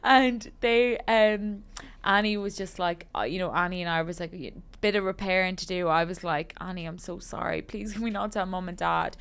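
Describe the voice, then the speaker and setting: A woman's voice: on the low side, moderate pace, vocal fry, smooth. A young woman co-hosting a podcast, telling a story in casual chat and acting out the people in it. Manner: animated storyteller acting out quoted voices. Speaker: podcast co-host.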